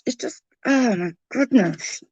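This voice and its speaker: A woman's voice: fairly high pitch, animated, takes it slowly, darkish tone, husky, no echo, muffled recording. A woman on a casual livestream, ranting in exasperation, swearing freely and answering chat comments. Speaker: live streamer reading chat comments.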